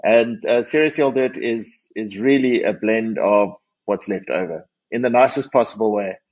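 Interviewed on radio, the managing partner of a South African winery talks casually, often restarting sentences and poking fun at himself. He speaks at a moderate pace with a lowish, darkish-toned voice, and the recording is dull and lo-fi.

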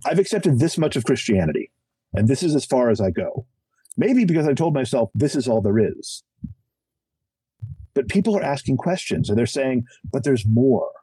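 A middle-aged man speaking as a podcast guest, his husky, mellow voice swinging widely in pitch as he preaches with emphasis. He pokes fun at himself along the way. The sound is close and dry. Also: very animated, normal speed, no echo, low-quality recording. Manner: self-deprecating humor. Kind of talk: animated conversational testimony.

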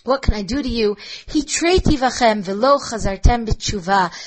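Higher-pitched woman giving a lecture. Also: expressive, normal speed, rough recording. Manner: reads Hebrew text aloud, then translates it line by line; thoughtful, with restarts and fillers. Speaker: lecturer on rabbinic texts. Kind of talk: recorded lecture.

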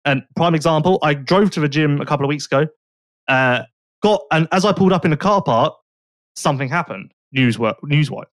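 Chatty man, slightly high voice. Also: brisk, no echo, clean studio sound. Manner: rambling, self-correcting, chatty. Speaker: podcast co-host. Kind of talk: casual podcast chat.

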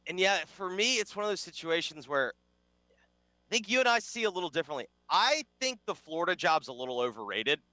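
A man's voice: high-pitched, sing-song, brisk, bright, forceful tone, no echo. A man co-hosting a casual sports talk show, wry and sarcastic, rambling through his points. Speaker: sports radio co-host.

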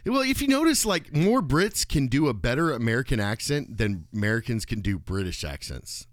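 A man's voice: medium pitch, big pitch swings, normal speed, dry recording, studio quality. A man co-hosting a podcast in casual chat, rambling and restarting his sentences. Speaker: podcast co-host.

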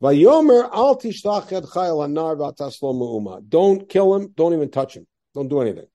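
Very animated and speaking at a moderate pace, a man with a dark, fairly high voice leads a classroom Torah lesson. He reads the Hebrew verses aloud, then explains them by posing rhetorical questions.

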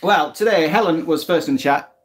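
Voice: medium pitch, fairly quick. A middle-aged podcast co-host, reading the live chat aloud with dry remarks, recorded in a living room. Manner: easygoing, reads out messages with dry remarks. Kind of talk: casual chat.

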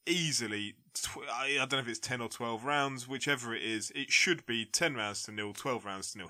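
A man in a casual podcast debate, a blunt, animated boxing pundit who says "like" often. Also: mid-range voice. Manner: blunt, animated ranting with frequent "like".

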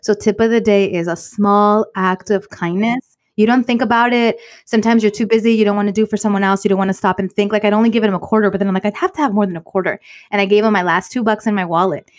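A woman co-hosting a casual podcast, telling an animated story full of "like" and "you guys". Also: medium pitch, fast talker. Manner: animated storyteller, heavy use of "like". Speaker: podcast co-host.

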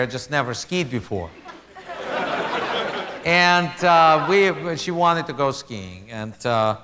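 High-voiced stand-up comic. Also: male voice, expressive, slow pace, pauses often. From Russia. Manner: self-mocking storyteller, loud gasping nervous laugh bits. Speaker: stand-up comedian. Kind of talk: stand-up storytelling. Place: live comedy venue. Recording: reverberant live hall with crowd noise. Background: audience laughter and room ambience.

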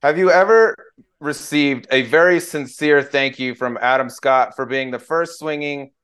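Smooth-voiced man, joking podcast host. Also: a little high, measured pace, a bit bright. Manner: joking, teasing questions. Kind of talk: casual podcast banter.

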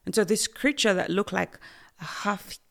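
A woman from Uganda giving an earnest personal testimony as a guest, emphatic and dropping to soft near-whispers at intense moments. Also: medium pitch, moderate pace, vocal fry.

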